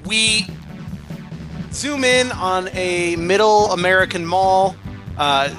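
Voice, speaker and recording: A man's voice: sits high, slow, music in the background. A man co-hosting a podcast, narrating an improvised comedy story in a playful way. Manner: playful, mock-hurt.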